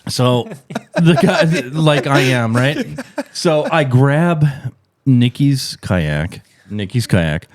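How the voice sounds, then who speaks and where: A middle-aged man hosting a podcast, telling a profane, animated story in casual chat. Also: slow pace, dry recording. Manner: profane, animated storyteller, voice jumps high and loud when acting out shouts. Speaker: podcast host.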